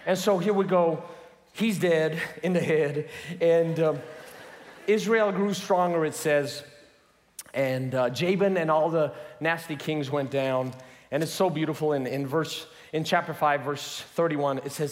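High voiced guy preaching, super animated, laughs and shouts, echoey hall. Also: a little slow. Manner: animated, laughing, emphatic storytelling. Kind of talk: sermon.

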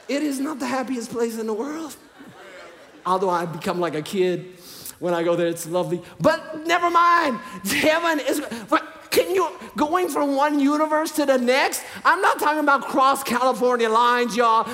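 A man with a high, lifted voice preaches in a church, shifting from booming, joking outbursts to soft, hushed pleas. His casual slang and humor keep the sermon lively. A long reverb from the hall trails every phrase. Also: moderate pace. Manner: animated, swings from loud to hushed.

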